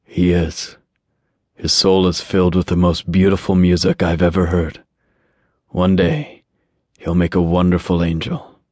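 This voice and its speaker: A man's voice: sits low, little pitch movement, measured pace, warm tone, no echo. A man voicing a sardonic, skeptical male angel who talks in a dry way, in an audiobook. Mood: wistful.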